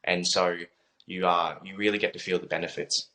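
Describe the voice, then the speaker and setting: A man's voice: low voice, steady tone, normal speed, pushed and bright, poor audio. A young man telling a personal story as an interview guest, earnest and reflective, repeating phrases and using many fillers.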